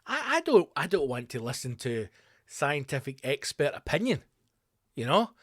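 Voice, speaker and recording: A man hosting a comedy podcast, telling a rambling story with sudden loud, incredulous outbursts. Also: fairly high pitch, sing-song, normal speed, dry recording, clean studio sound. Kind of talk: comedic monologue.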